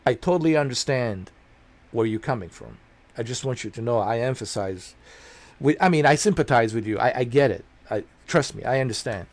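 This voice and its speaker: A streamer chatting casually, ranting in a rambling, blunt and profane way and repeating himself. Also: male voice, medium pitch, expressive, a little fast.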